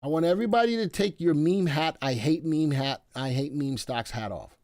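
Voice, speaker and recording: A man's voice: fairly high pitch, animated, normal speed, a little mellow, no echo, clean studio sound. A man hosting a live stock analysis stream, chatty and playful, talking to his viewers by name. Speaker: live stock market show host.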